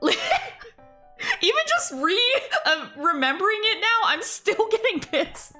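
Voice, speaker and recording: Lively bright-voiced woman streamer. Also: very high voice, takes it slowly, faint music behind. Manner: animated ranting, laughs often, swears. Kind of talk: casual stream chat.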